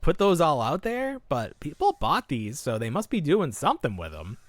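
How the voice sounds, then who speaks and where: A man's voice: a little high, huge pitch swings, moderate pace. A man co-hosting a podcast in casual chat, rambling through half-finished thoughts with lots of fillers. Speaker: podcast co-host.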